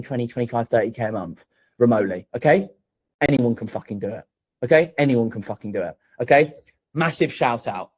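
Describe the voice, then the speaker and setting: A man hosting a sales community, giving hyped motivational shout-outs full of swearing and punchy repetition. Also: medium pitch.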